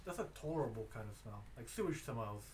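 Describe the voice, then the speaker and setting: Lively man chatting at a game table. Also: mid-range voice, quick pace, a crowd in the background. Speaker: player. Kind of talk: casual chat at a game table.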